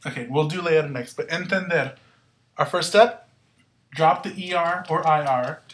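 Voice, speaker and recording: A woman's voice: low voice, unhurried. A woman teaching a Spanish grammar lesson, upbeat and going through the verb endings step by step. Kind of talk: classroom-style grammar lesson.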